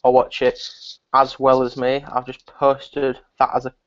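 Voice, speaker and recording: A man's voice: medium pitch, monotone, unhurried, lo-fi sound. A man hosting a live stream from a relative's house, chatting to viewers in a rambling way. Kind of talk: casual live stream chat.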